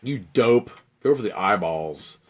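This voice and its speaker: A man voicing a huge male frost giant who booms, mocks and lectures in a strained, raised voice. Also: animated, a little slow. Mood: mocking. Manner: booming, mocking and lecturing.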